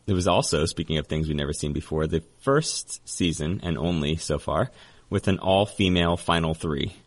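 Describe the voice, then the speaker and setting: A man hosting a podcast in a casual, chatty, joking way, full of quick asides. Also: deep voice. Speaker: podcast host.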